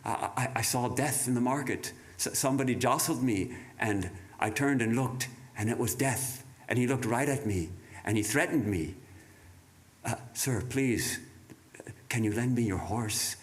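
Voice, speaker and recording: A man's voice: mid-range voice, unhurried, natural voice. A man voicing a panicked male servant who stammers and pleads in fear. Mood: frightened.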